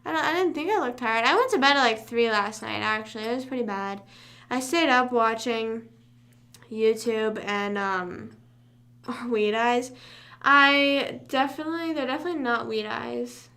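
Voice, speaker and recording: A woman's voice: fairly high pitch, normal speed, sharp tone. A young woman hosting a casual livestream, chatting loosely, rambling and humming to herself between thoughts. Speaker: livestream host. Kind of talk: casual live chat.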